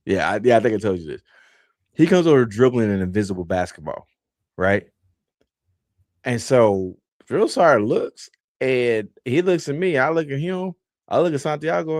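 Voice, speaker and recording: A man's voice: medium pitch, expressive, moderate pace, darkish tone, dry recording. A man hosting a podcast, telling a laid-back, rambling story with many fillers, close to the mic. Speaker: podcast host. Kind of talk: casual storytelling.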